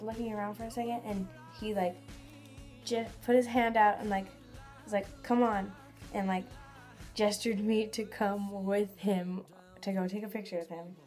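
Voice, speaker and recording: A woman's voice: medium pitch, darkish tone. A teenage girl telling a vlog story in a giddy, gushing way, full of "like" fillers. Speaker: vlogger.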